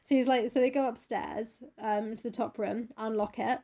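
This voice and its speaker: A woman's voice: fairly high pitch, steady tone, moderate pace, dark tone. A woman co-hosting a podcast, animatedly retelling a classic novel, swearing freely and acting out the characters. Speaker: podcast co-host.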